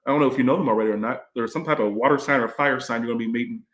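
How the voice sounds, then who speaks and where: A man's voice: mid-range voice, very fast, fairly bright tone. A man hosting a casual livestream tarot reading. He rambles and swears freely as he chats with viewers. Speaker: tarot reader and livestream host. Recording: echoey room.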